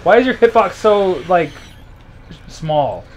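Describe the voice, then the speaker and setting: A man's voice: sits high, big pitch swings, unhurried. A young man playing a video game and chatting casually, joking around. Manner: playful, joking, frequent laughter. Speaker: gamer playing. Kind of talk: casual let's-play chat.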